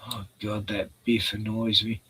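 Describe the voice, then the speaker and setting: A man's voice: on the low side, little pitch movement, measured pace, pushed and bright, slightly rough, no echo, low-quality recording. A man, chatting casually on a stream, laid-back, swearing often and laughing a lot. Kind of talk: casual chat.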